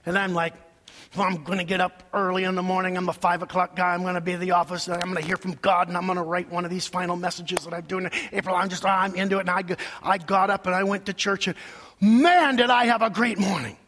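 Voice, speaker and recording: A man preaching a sermon as pastor, telling a personal story with emotion, his voice going from soft asides to loud cries. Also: high-pitched, level tone, fast. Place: large church sanctuary. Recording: long hall reverb.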